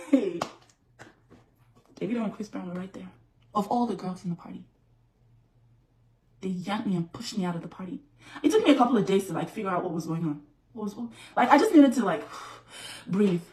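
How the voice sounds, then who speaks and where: A woman's voice: medium pitch, animated, moderate pace, pauses often, a little mellow, recorded from a distance. A woman vlogger telling a personal story to her viewers, repeating phrases for emphasis. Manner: repetitive, emphatic retelling. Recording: roomy echo.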